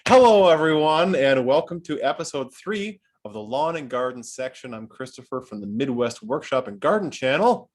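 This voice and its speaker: A man's voice: mid-range voice, expressive, moderate pace, hardly any pauses. A man with a Wisconsin accent and a slightly nasal voice, hosting a casual garden podcast with plenty of fillers. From Wisconsin, Oshkosh. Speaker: podcast host.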